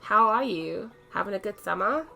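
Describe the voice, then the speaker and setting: A woman's voice: medium pitch, expressive, normal speed, vocal fry, pushed and bright, soft background music. A woman voicing a chatty young male metal-band shop owner with an Australian accent, reading his lines in a friendly, slangy way. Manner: laid-back, friendly slang.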